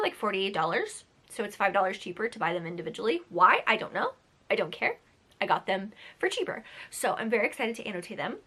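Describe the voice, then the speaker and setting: A young woman who vlogs about books chats casually at home, rambling and saying "like" a lot. Her voice is mid-range with a sharp tone.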